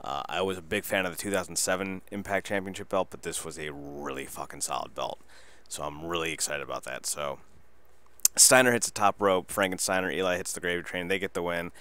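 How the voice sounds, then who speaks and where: A man with a very low, deep voice rambles excitedly through a casual solo podcast review and swears freely. The sound is dry and close, with no room around him. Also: fairly quick, no echo. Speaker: wrestling podcast host.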